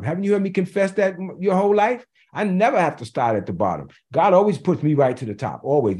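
A man's voice: a little high, darkish tone. A man preaching a sermon in a conversational way, repeating key phrases for emphasis and slipping in joking asides.

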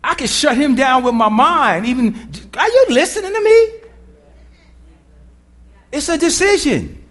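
A male pastor delivers an emphatic, preacherly sermon in a high voice. His pitch swings widely from line to line. He calls on the congregation to answer him. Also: lively intonation, unhurried, a bit bright. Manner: drops to a low intense murmur during prayer.

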